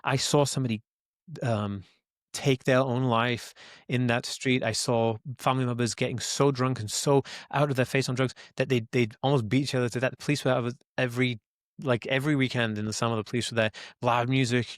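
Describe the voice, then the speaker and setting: A man's voice: medium pitch, fairly even intonation, moderate pace, no echo, clean studio sound. A Welsh man in his forties, telling his life story as an interview guest in a rambling, earnest way, full of "like" and "right?". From Wales. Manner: rambling, lots of "like" and "right?", repeats words; earnest and emphatic, addresses listeners as guys. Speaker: interview guest, autism advocate. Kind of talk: casual storytelling in a conversation.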